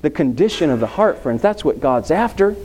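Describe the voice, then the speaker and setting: A man's voice: on the high side, a little fast, a little hiss or hum. A middle-aged man preaching a sermon, asking the congregation questions and telling a personal story. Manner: animated preaching with anecdotes and audience questions. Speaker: pastor.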